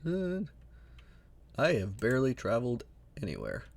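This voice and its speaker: A man's voice: mid-range voice, huge pitch swings, moderate pace, creaky, slight background noise. A man giving casual, self-deprecating gameplay commentary with mumbled asides while playing. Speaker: let's play gamer.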